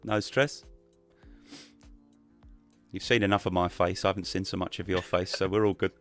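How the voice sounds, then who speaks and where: A man with a relaxed, rambling way of talking, chatting casually as a guest on a live stream over a call mic. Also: sits low, quick pace, faint music behind. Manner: relaxed, rambling, many fillers and restarts.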